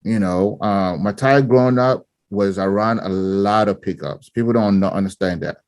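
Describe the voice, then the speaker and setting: A man's voice: lowish voice, moderate pace, a little mellow, no echo. A middle-aged man from Nigeria, a former coach and parent, talking casually in an interview and laughing easily between many fillers.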